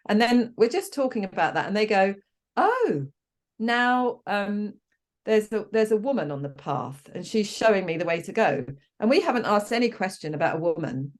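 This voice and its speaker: Low-voiced woman explaining coaching. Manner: acts out sample coach and client exchanges in quoted voices; thoughtful, with frequent ums and restarts. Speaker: coaching trainer.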